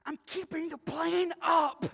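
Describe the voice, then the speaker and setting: A man playing a panicky airline passenger who frantically insists, shouting. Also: very high voice, fairly even intonation, very fast, vocal fry, pitched above the performer's own voice, heavily acted. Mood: frantic. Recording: long hall reverb.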